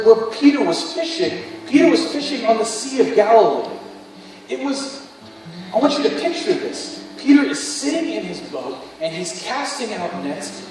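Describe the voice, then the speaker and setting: A pastor with a high voice preaches in a big church hall, his voice echoing heavily and picked up from far off. He tells his story in an earnest, confessional way while music plays behind him. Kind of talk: sermon. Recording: echoey hall, mic far off.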